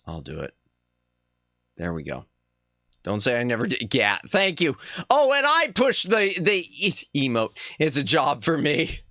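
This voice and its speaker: Excitable high-voiced male streamer. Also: a little slow, dry recording. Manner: chatty, reactive, exclamatory. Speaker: VTuber streamer. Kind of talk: casual live-stream game commentary. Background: game music.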